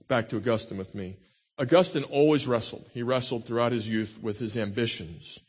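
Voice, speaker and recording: A male pastor delivers a sermon in a mid-pitched voice, earnest and emphatic, swelling to strong peaks before dropping soft. The sound carries a long reverb, and the recording is a little dull. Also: slightly rough. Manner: earnest, builds to emphatic peaks then drops low.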